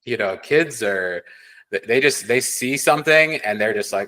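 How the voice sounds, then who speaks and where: A man's voice: mid-range voice, lively intonation, normal speed, sharp tone, poor audio. Candid man from the Chicago area. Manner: earnest, candid storyteller who acts out voices. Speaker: podcast co-host. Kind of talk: casual chat.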